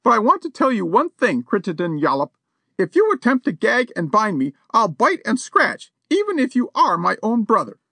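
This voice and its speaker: A man voicing a haughty, indignant society woman in an audiobook, shrill and imperious. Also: wildly swooping pitch, normal speed, bright, forceful tone, no room sound, exaggerated voice. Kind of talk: audiobook character voice.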